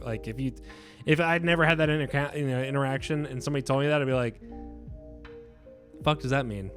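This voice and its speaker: A man's voice: medium pitch, a bit bright. A man chatting casually to his viewers as he reads quiz items aloud. He rambles, hesitates and swears freely. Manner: profane, rambling, hesitant with filler words. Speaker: YouTuber taking an online quiz.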